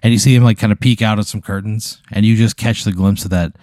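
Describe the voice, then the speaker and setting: A man's voice: lowish voice, steady tone, fast, darkish tone, no echo. A man narrating an improvised comedy scene as game master in a laid-back way. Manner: laid-back, describes scenes in second person.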